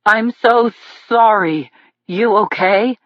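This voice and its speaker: A woman's voice: mid-range voice, expressive, moderate pace, no room sound, dull audio, natural voice. Woman doing a nervous, stammering young lawyer. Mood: apologetic. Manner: apologetic, stuttering.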